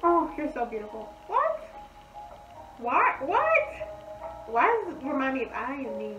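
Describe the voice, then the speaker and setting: A woman hosting a casual reaction vlog, excitable and chatty, with many fillers. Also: high voice, quick pace, far from the mic. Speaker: reaction video host. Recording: echoey, dull lo-fi sound, music behind. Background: music from the reacted video.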